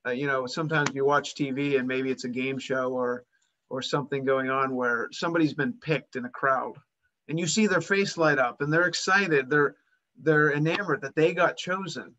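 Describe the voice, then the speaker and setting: A man's voice: mid-range voice, moderate pace, bright, forceful tone, lo-fi sound. A man preaching a sermon, retelling a Bible story and acting out its voices with rising emphasis.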